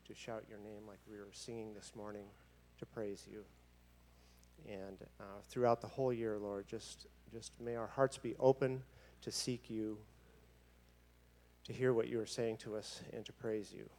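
A man leading a spoken prayer in an earnest, halting way. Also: fairly low pitch, level tone, darkish tone.

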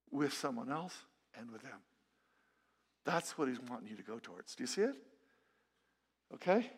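Middle-aged male pastor, slightly high-pitched, earnest conversational sermon with restarts. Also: slightly rough. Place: church sanctuary.

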